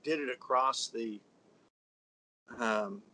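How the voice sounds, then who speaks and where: A man in a casual conversation about architecture, thoughtful and halting, pausing often on fillers as he works out his points. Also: mid-range voice, bright, forceful tone, poor audio.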